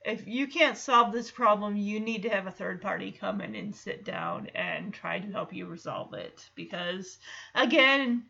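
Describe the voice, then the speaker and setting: A woman's voice: medium pitch, sing-song, unhurried, vocal fry, bright, forceful tone, dull audio. A woman hosting a podcast, recapping a show episode in a chatty, amused way with loose filler words. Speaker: podcast host.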